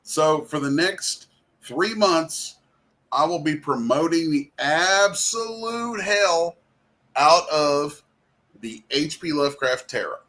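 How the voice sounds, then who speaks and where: A man's voice: on the high side, lively intonation, takes it slowly, pushed and bright. A man hosting a casual livestream chat, crude, rambling and self-deprecating. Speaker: host and comic artist.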